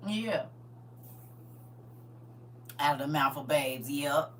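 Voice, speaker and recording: Her voice is deep and she draws out her words, yet it stays bright as she laughs through her stories. She's a livestream host telling tales in a lively, colloquial way straight to her audience. The mic is distant and there's a faint hum.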